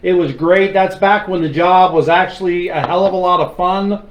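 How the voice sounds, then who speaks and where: A man hosting a casual chat, a blunt, animated storyteller who swears freely. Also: high-pitched, moderate pace, muffled recording, slight background noise. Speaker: host. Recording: echoey room.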